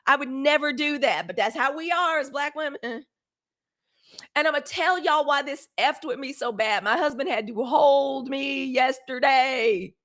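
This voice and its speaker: A woman's voice: high-pitched, unhurried, a bit bright. A woman from Mississippi with a Southern accent, hosting a casual livestream and talking straight to her viewers in a blunt, fiery way. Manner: talks straight to viewers, calls them y'all, fiery and blunt with swearing. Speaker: livestream host.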